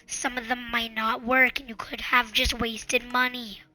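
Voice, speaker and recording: A woman hosting her own channel, giving casual advice in an earnest, pleading, repetitive way and sometimes dropping into soft whispers. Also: fairly high pitch, little pitch movement, unhurried, soft background music. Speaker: channel host.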